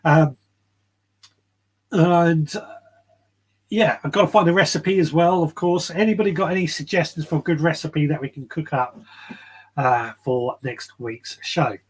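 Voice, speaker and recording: A man hosts a relaxed live chat from a garden shed, talking in a rambling, easygoing way. His voice sits a little high for a man and has a slightly husky edge. He wanders between thoughts and picks up viewer comments as he goes. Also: unhurried, long pauses. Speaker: podcast host. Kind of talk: casual live-stream chat.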